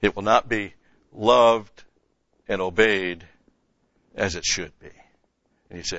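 A man with a lowish, forceful voice gives a conversational Bible-study sermon, pushing his pitch and volume up on the points he wants to land and answering his own rhetorical questions. The recording is dull and lo-fi, with a dry, close sound. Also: steady tone, takes it slowly, pauses often, dry recording. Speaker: Bible teacher.

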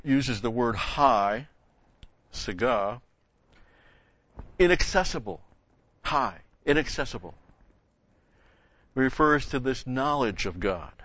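A man's voice: mid-range voice, fairly bright tone, dry recording. A man teaches a sermon verse by verse, his voice lifting to stress the key words. The sound is dry and close, with a slightly dull, muffled top end. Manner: explains verses step by step, rising in emphasis on key words. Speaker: Bible teacher. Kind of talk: expository sermon.

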